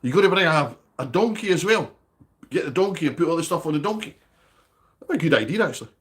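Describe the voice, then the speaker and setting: Male streamer, slightly raspy, animated delivery, casual banter with chat. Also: fairly high pitch, quick pace. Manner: chatty, banters with viewers by name. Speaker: live streamer host. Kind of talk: casual livestream chat reading viewer comments.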